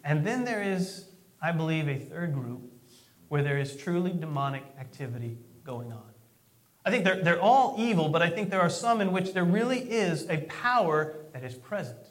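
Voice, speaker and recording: High-voiced pastor telling a story. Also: male voice, lively intonation, moderate pace. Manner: conversational, storytelling, repeats words when starting. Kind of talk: sermon.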